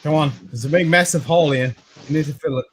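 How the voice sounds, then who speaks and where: A man's voice: on the high side, quick pace, breathy edge. An Australian man hosting a live whisky chat, telling stories in a blunt, sweary way with frequent laughs. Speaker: host of a whisky show. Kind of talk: casual chat on a live stream.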